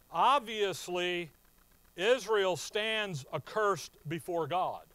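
A man giving a sermon, explaining scripture in a conversational teaching way and slowing down to stress key words. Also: on the high side, lively intonation, fairly bright tone, no echo, poor audio. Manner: conversational teaching, rising to slow emphatic stress. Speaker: Bible teacher.

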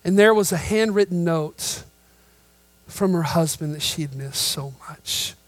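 A man preaching a sermon, telling a story that builds into loud, emphatic preaching. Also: on the high side, measured pace, no room sound, rough recording. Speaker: pastor.

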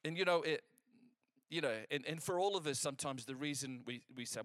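A man preaching a sermon, telling a personal story in an animated, conversational way and acting out the exchanges, with frequent restarts. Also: fairly high pitch, a little fast, no room sound.

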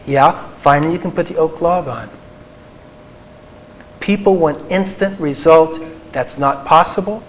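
A man with a voice pitched a bit above the usual talks to a live audience as a Christian counselor. He speaks in a folksy, earnest way and often lets his voice fall soft and confessional. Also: unhurried, long pauses, a little hiss or hum. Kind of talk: personal talk with stories to a live audience.

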